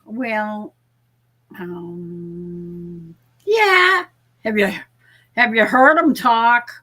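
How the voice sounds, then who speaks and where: A woman from southern New England co-hosting a casual chat, teasing and quick to laugh. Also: medium pitch, bright, forceful tone, breathy edge.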